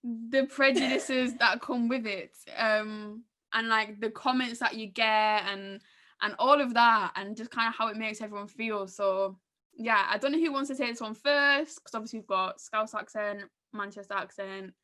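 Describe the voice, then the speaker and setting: Bright-voiced Northern English woman. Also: on the high side, moderate pace. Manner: chatty, animated storytelling. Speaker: podcast co-host. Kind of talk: casual chat at a live podcast. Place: live event venue.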